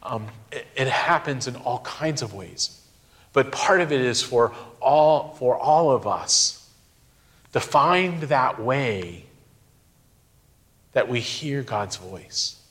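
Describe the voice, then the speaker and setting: A middle-aged man giving a sermon, speaking in a slow, reflective way with emphatic pauses. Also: mid-range voice, expressive, fairly bright tone. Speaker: pastor.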